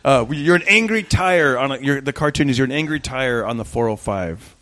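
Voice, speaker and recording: A man guesting on a comedy podcast, eagerly pitching voice games with a laugh. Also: animated, brisk, fairly bright tone, dry recording. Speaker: guest voice actor. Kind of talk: casual comedy banter.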